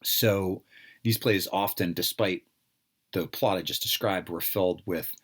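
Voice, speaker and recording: A man's voice: deep voice, unhurried, fairly bright tone, breathy edge. A man from the United States giving an informal lecture, talking conversationally with many fillers and asides.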